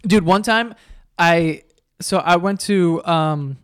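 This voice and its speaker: A young man co-hosting a podcast, talking fast and casually with lots of swearing, his voice cracking now and then. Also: high-pitched, smooth, no echo, studio quality. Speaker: podcast co-host. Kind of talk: casual chat.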